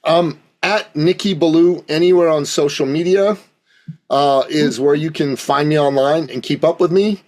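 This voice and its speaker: A man, a podcast guest and business coach, telling emphatic stories and acting out both sides of the dialogue in a conversational interview. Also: fairly high pitch. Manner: emphatic, acts out dialogue in anecdotes.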